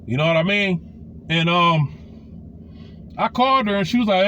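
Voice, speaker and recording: A man in his forties tells a raunchy personal story in a loose, profane storytime style, his talk full of fillers and restarts. His voice sits high for a man and swings widely in pitch as he gets animated. A faint hiss of noise runs underneath. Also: normal speed, pauses often, dull audio. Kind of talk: casual storytime monologue.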